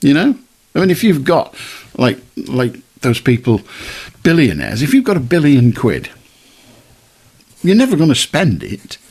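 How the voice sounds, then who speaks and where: A man's voice: on the high side, wildly swooping pitch, measured pace, a little mellow, husky. A man hosting a late-night radio phone-in, firm and chatty, talking plainly to callers and musing aloud.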